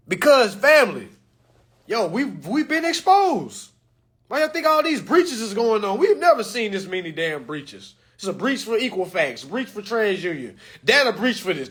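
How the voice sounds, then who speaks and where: A man ranting to camera in an animated, joking way, loud and slangy, calling out to his viewers. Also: high-pitched, breathy edge.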